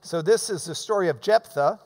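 A man preaching a sermon, teaching slowly and emphatically and repeating his phrases for weight. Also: sits high, a little mellow, in a large hall.

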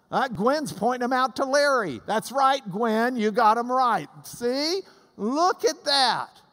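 A Bible study teacher giving a lively classroom lesson, chanting out rhythms to make a point. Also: medium pitch. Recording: long reverb in a hall.

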